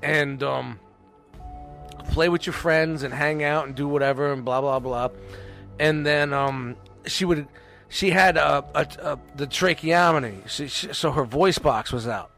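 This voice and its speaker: A middle-aged man tells stories in a loose, profane, rambling way, stopping and restarting often. His voice sits a bit high for a man, with faint music behind him. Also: measured pace, vocal fry, a bit bright. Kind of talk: casual storytelling chat.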